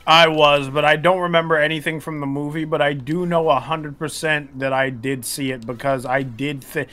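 A woman's voice: sits low, level tone, normal speed, fairly bright tone. A woman joking crudely in a casual group chat on a game stream. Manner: crude, jokey, laughs often. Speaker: stream co-player.

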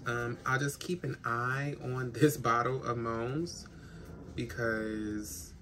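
A trans woman speaks slowly in a bass voice that is fairly bright, with fairly even intonation. Vlogging from her big-city home after crying herself out, she rambles frankly to the camera and swears a lot in casual chat. Faint city noise is audible.

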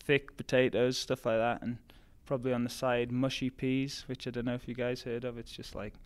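A man's voice: medium pitch, fairly quick. A young man from Newcastle with a Geordie accent, a college runner chatting casually as an interview guest, with lots of "like" and "um". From Newcastle, England. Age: young adult. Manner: relaxed, many fillers like "like" and "um".

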